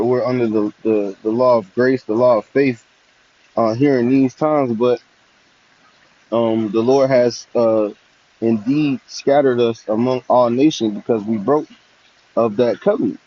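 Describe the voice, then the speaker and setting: A man hosting religious commentary, talking haltingly and leaning on fillers. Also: mid-range voice, fairly even intonation. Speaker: host. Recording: dull lo-fi audio.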